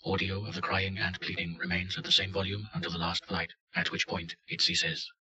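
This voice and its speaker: A man giving deadpan scripted narration of a report. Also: sits low, fairly quick, muffled recording.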